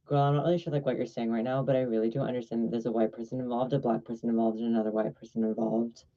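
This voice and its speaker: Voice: mid-range voice, level tone, very fast, dark tone, dull audio. A drag performer delivering a blunt, sassy vlog rant, swearing freely and drifting off mid-thought. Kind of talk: ranting vlog monologue.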